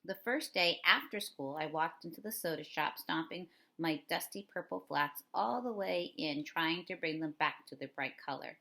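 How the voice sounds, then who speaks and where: A woman reading a middle-grade novel aloud in an expressive storytelling way. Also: low voice, moderate pace, gravelly, few pauses, poor audio. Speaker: reader.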